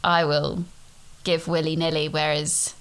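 A woman's voice: deep voice, flat delivery, a little slow, fairly bright tone, clear, resonant tone. A young woman co-hosting a podcast, teasing her friend playfully and laughing often. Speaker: podcast co-host. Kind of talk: casual chat.

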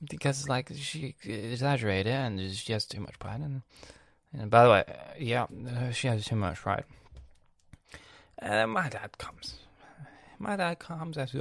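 Young London man for a podcast rant: gravelly voice, dry close sound, slangy and sweary, acts out family members. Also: mid-range voice, expressive, measured pace, fairly bright tone, no echo. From England. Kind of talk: casual ranting monologue.

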